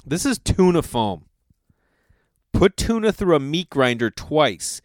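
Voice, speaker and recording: A man's voice: fairly high pitch, big pitch swings, a little slow, no room sound. Man, middle-aged, comedic host, incredulous, profane, dry close sound. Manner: incredulous, exasperated riffing with swearing. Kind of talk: casual comedic chat reading old recipes.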